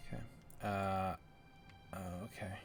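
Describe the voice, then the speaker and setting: A man's voice: low-pitched, steady tone, slow pace, vocal fry, soft background music. A man streaming a game for the first time, thinking aloud in a casual, unsure way as he works through menus. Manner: thinking aloud, unsure, mumbling menu names. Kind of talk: casual gameplay chat.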